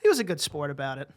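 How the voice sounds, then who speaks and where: A man co-hosting a podcast, telling stories in casual chat and often stumbling over and repeating his words. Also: on the high side. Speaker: podcast co-host.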